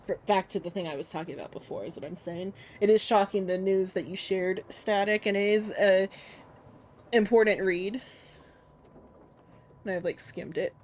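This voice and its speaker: A woman's voice: mid-range voice, moderate pace, long pauses, a little mellow, a little hiss or hum. A woman streaming a video game live, rambling and laughing as she reacts. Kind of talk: casual live-stream gameplay commentary.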